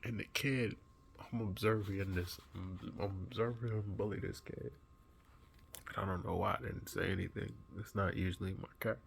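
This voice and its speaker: A man who has just woken up, earnestly retelling a dream in a vlog with an animated manner. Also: low voice, normal speed, gravelly, slight background noise. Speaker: vlogger. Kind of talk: recounting a dream.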